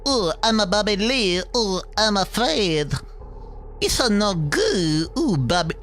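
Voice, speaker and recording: A whiny, exaggerated mocking voice, put on by a man, drawn out slowly. There is a faint hiss underneath. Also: high-pitched, animated, fairly bright tone, pitched above the performer's own voice, heavily acted. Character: mocking comic putting on a silly voice.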